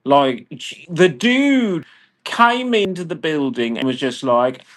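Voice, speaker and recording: A man's voice: fairly high pitch, animated, takes it slowly, fairly bright tone. A man in an agitated, profane, rambling personal rant, talking to camera. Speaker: vlogger. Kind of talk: ranting personal monologue.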